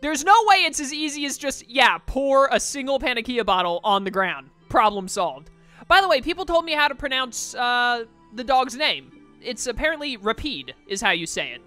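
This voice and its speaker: A woman's voice: high voice, expressive, normal speed, pushed and bright, soft background music. A woman giving casual commentary over a video game playthrough, with wry, sarcastic asides. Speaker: let's play gamer.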